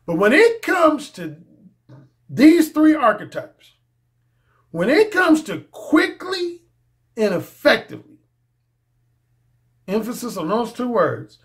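A male dating coach talking straight to camera in a casual monologue. His voice sits fairly high for a man, and he hammers his points home emphatically, repeating phrases in relaxed slang. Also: takes it slowly, long pauses.

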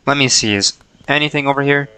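Male streamer, playful, jokey play-by-play, clear, smooth voice. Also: mid-range voice, fast, bright, forceful tone, dry recording, poor audio. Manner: playful, jokey, talks to the characters. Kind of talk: casual gameplay commentary.

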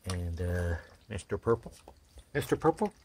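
A man's voice: low-pitched, very animated, moderate pace, background noise. A man, chatting casually outdoors on a back porch and calling to puppies in a coaxing, sing-song voice. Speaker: dog breeder showing puppies. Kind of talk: casual chat to camera and puppies.

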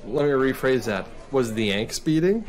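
A man's voice: medium pitch, lively intonation, normal speed, darkish tone. A man hosting a scripted comedy sketch about model cars, talking in a theatrical, preachy big-brother manner. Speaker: host.

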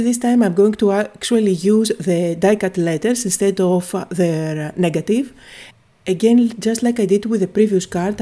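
A woman with a mellow, warm voice talks through a paper-crafting project in a calm, step-by-step voice-over. Her tone stays even and unhurried as she explains each stage, recorded close to the mic. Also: medium pitch. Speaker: card-making video host.

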